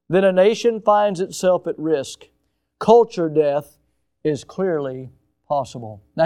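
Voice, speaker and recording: An older man, a pastor, preaching a sermon with emphatic rises and sudden quiet drops. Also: sits high, clean tone.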